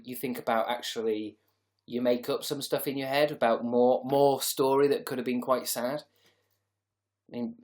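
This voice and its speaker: A tired man hosting a casual livestream, rambling sarcastically and reading out viewer comments. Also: medium pitch. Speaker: livestream host.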